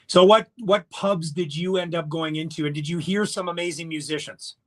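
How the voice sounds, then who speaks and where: A man hosting a casual radio chat show, animated and joking, reacting quickly to his guest. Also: on the high side. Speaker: radio host. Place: radio studio.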